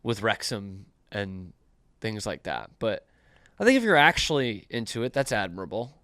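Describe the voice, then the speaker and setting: A man's voice: lowish voice, sing-song, fairly bright tone, no echo, studio quality. A man hosting a casual sports podcast, teasing his cohost with a sarcastic edge. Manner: sarcastic, quick to tease. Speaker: podcast host.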